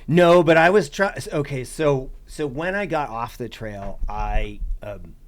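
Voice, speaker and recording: A man talking as a guest on a hiking podcast. He rambles, restarts his sentences and keeps saying "you know". His voice sits at an everyday middle pitch. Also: a little slow. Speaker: podcast guest, long-distance hiker. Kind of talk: casual podcast chat.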